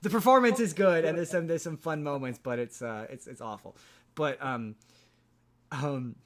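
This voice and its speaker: A man's voice: fairly high pitch, normal speed. A man hosting a podcast, casually recapping a film in a rambling way, with frequent restarts and repeated words. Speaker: podcast host.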